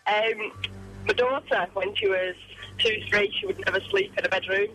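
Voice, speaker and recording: A woman's voice: medium pitch, animated, moderate pace, fairly bright tone, faint music behind, poor audio. A woman calling in to a radio show on the phone, chatting plainly as she tells a story. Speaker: caller. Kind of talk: telling a ghost story on air. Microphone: phone line.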